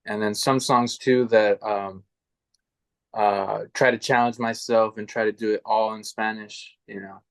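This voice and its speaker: A man hosting a podcast interview, talking in a relaxed, hesitant way with slang. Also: lowish voice, measured pace, no room sound. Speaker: podcast host. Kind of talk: casual interview chat.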